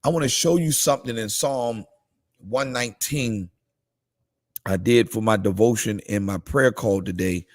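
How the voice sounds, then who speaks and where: A man preaching a morning devotional livestream, shifting between calm scripture reading and excited exclamations. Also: fairly low pitch, measured pace. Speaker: pastor.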